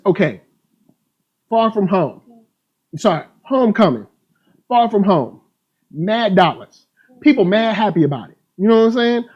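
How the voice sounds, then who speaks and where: A man's voice: high voice, darkish tone, muffled recording. A man hosting a live stream trailer reaction chat, talking in a hype, playful, slang-filled way. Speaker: host.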